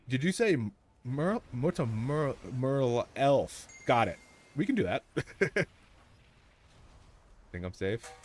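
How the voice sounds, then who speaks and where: A man streaming a game live, joking excitedly with his chat and teammates as he plays. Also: medium pitch. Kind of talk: live gameplay commentary.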